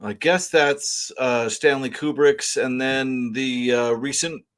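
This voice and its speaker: A man's voice: medium pitch, fairly even intonation, slow, a bit bright. A man hosting a casual online chat about books, joking and rambling. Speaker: podcast host.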